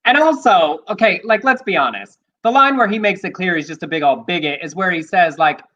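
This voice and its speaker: A man co-hosting a live-streamed talk show in a high voice. His remarks are quick and wry, and he reads out viewer questions. The audio sounds dull and lo-fi. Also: animated, bright, forceful tone. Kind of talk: casual live-stream chat.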